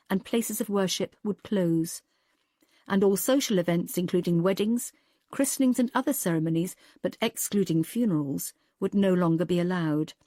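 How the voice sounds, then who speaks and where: A woman narrating an audiobook in a calm, even storytelling manner. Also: mid-range voice, no echo, clean studio sound. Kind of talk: scripted narration.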